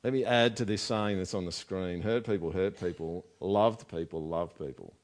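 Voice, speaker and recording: A man's voice: low voice, moderate pace. A man preaching a sermon in a conversational way, often asking the congregation rhetorical questions. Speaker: pastor.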